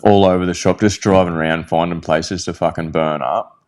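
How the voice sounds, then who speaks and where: Deep-voiced Australian man, blunt and sweary. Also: steady tone, darkish tone. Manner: blunt, swears freely, halting restarts. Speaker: podcast guest. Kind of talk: candid casual storytelling.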